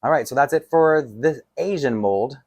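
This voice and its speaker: A man's voice: mid-range voice, normal speed, a little mellow, lo-fi sound. A man, chatting casually to camera as a doll collector, rambling with many restarts and light laughs. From Canada.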